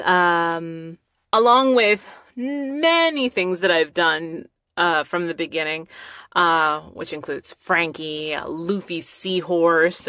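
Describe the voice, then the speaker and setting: A woman hosting a casual solo podcast, catching listeners up in an animated, laughing way. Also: lowish voice, no room sound, clean studio sound. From half Mexican. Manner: animated storytelling with frequent laughs. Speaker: podcast host. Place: small recording studio. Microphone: studio microphone.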